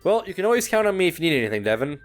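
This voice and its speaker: A man voicing a poised, caring teenage schoolgirl in a visual novel, reading her lines gently and reassuringly with a teasing edge. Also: on the high side, big pitch swings, rapid-fire, soft background music. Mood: kind. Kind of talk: game dialogue read aloud.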